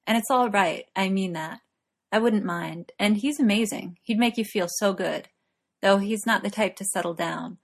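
A woman reading the part of a gentle, anxious young male artist who speaks softly and pleads. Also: medium pitch, normal speed, gravelly. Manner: soft, pleading.

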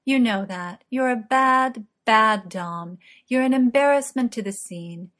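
A scornful young woman who mocks with slow, drawn-out teasing, as a woman narrator puts her on in a storybook reading. Her pitch stays mid-range. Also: natural voice. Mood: mocking.

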